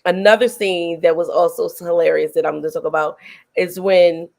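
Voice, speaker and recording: A middle-aged woman hosting a casual film review chat, retelling scenes with animated energy and frequent laughter. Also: on the low side, fairly quick, creaky. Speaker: host.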